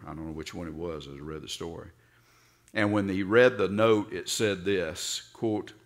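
An older pastor with a Southern accent delivers a storytelling sermon. His voice sits low but rings bright and forceful. He slips into character voices and suddenly rises to loud, emphatic peaks.

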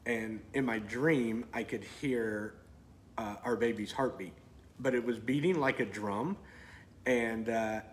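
Slow-spoken man with faint hiss. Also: mid-range voice. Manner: slow, measured, hesitant with fillers. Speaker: co-host sharing a testimony. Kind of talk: casual testimony storytelling.

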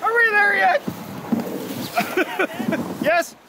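A man's voice: extremely high pitch, extremely slow, background noise. A man hosting a trip vlog, chatting outdoors with jokey, playful complaining. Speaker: vlog host. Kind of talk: casual chat on a trip.

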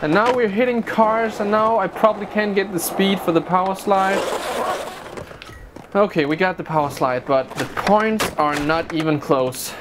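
A man's voice: sits high, normal speed. A man commentating a skateboarding game playthrough, talking through his frustration with exclamations and self-mocking asides. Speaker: gameplay streamer. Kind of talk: let's play commentary. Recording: noisy recording.

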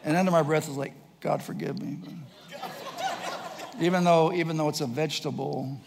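Man, middle-aged pastor, high lively voice, sermon storytelling, acts out voices, faint noise behind. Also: fast talker, creaky, crowd noise. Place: large church hall. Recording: echoey church hall, faint noise.

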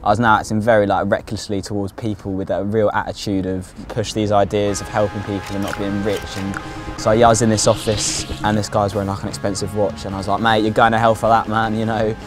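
Young man, lowish voice, casual filler-heavy testimony over faint music. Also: flat delivery, fast. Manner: casual, sweary, lots of likes and fillers. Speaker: interviewee recounting his own psychosis. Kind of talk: candid documentary testimony.

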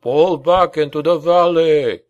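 A man playing a proud, composed male baron who leads knights, speaking with steady, commanding authority. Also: medium pitch, normal speed, no room sound, muffled recording, natural voice. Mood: desperate shout.

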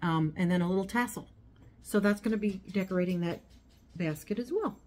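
A woman's voice: medium pitch, brisk, a little mellow. A woman chatting casually as she unboxes and shows a haul of small items at home, rambling as she goes. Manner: chatty, rambling, talks while handling items. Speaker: vlogger. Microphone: phone. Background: crinkling packaging.

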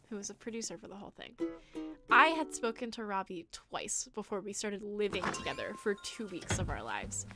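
A young American woman, a musician streaming a game, chatting casually and rambling through stories between frequent laughs. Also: mid-range voice. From United States. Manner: chatty, rambling storyteller who often laughs. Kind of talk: casual chat while gaming.

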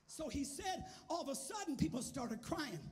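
A man preaching a sermon as a guest, moving between quiet storytelling and shouted, sing-song preaching. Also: very high voice, lively intonation, moderate pace. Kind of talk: Pentecostal sermon. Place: large church sanctuary. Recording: church hall with long reverb and faint music.

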